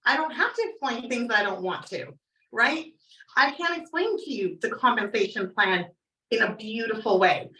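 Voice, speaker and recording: A woman from Canada in her thirties giving an energetic motivational talk, telling stories and acting out quotes. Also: a little high, moderate pace, reverberant, recorded from a distance, low-quality recording. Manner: energetic, storytelling, acts out quotes. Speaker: motivational speaker.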